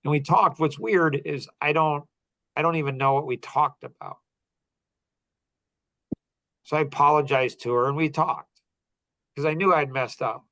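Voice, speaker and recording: A man's voice: fairly high pitch, measured pace, pauses often, bright, forceful tone, no room sound. A middle-aged man hosting a podcast, telling a personal story in an earnest, heartfelt way, often restarting his sentences. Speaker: podcast host.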